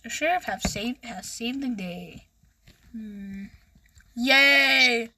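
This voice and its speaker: A woman chatting casually while gaming with friends, excitable and dramatic, shrieking, laughing and complaining loudly. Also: fairly high pitch, very slow, a little hiss or hum. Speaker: channel host.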